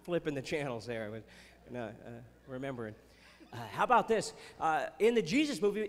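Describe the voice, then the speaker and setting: A man's voice: sits high, in a large hall. A man doing chatty Christian stand-up comedy on stage, with playful jokes and asides. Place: festival stage before a live audience.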